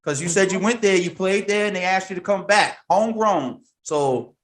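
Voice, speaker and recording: A man's voice: high voice, a little fast, fairly bright tone. Enthusiastic male interview host. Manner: enthusiastic, emphatic, encouraging. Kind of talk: casual interview.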